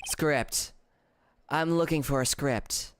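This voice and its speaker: A man voicing an aloof, heavy-lidded woman film producer in a mystery game, speaking in curt, flat, dismissive lines. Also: on the high side, takes it slowly, background noise.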